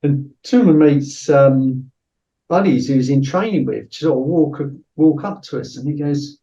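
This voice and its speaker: A middle-aged man tells a story in a casual interview, blunt and sweary, leaning on "you know" a lot. His voice is warm and mellow. It sounds roomy and a little distant, with a dull tone. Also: on the high side, moderate pace. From Britain. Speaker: podcast guest, former soldier.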